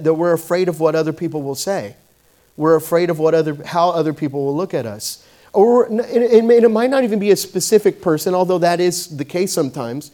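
Guy preaching, kinda high voice, casual and chatty with lots of um and you know. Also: a little mellow. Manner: conversational, many fillers and restarts. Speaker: pastor. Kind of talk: sermon with personal story.

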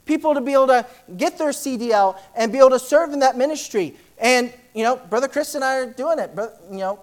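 Here a man preaches and reads scripture in church, his pitch extremely high. The delivery is fast and eager, with words repeated often as he presses on.

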